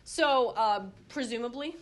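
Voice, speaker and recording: Chatty, animated woman teaching Bible study. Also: on the high side, a little slow. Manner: chatty, animated, acts out quotes with lots of fillers.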